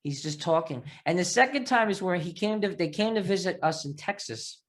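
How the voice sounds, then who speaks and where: A man's voice: sits high, fairly quick. Chatty man with a Long Island accent. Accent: Long Island New York. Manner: rambling, animated storyteller. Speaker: podcast host. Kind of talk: casual interview chat.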